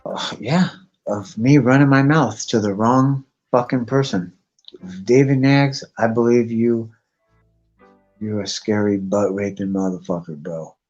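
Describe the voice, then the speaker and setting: A man with a lowish, darkish voice talks at a measured pace and a steady tone as a guest on a live stream chat. He rambles casually and swears constantly, over muffled lo-fi stream audio with faint music.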